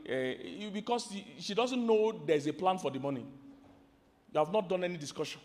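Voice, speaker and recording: A man with a Nigerian accent preaching about marriage to a live audience. He swings from loud emphatic lines to quiet asides and keeps asking the crowd questions. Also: sits high, lively intonation, fairly quick. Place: large hall with an audience. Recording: hall reverb from a large venue.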